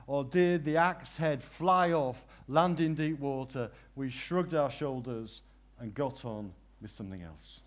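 A man preaching a sermon, swinging from hushed, prayerful phrases to loud cries and repeating his questions for emphasis. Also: mid-range voice, measured pace.

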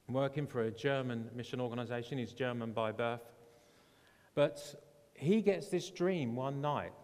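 A man's voice: mid-range voice, darkish tone. Earnest male preacher in a reverberant hall. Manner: earnest, retells stories with quoted voices. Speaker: pastor. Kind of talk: sermon storytelling.

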